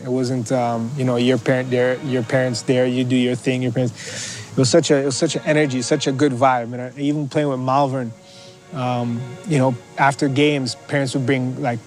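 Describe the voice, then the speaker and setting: A man's voice: medium pitch, rough recording. Man from Scarborough recalling his youth. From Scarborough, Canada. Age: adult. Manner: halting, many restarts and fillers. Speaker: interviewee, athlete. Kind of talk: reflective documentary interview. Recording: faint music underneath.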